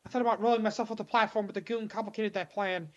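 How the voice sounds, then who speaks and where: A woman's voice: medium pitch, fairly even intonation, very fast, dull audio, close to an everyday voice. A woman voicing a defiant young woman hostage with a sarcastic, profane way of talking.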